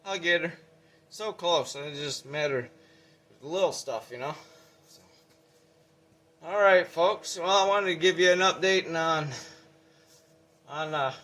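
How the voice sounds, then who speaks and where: A man's voice: fairly high pitch, a bit bright. A man filming a casual vlog update, out of breath and talking in a folksy, rambling way. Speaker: vlogger.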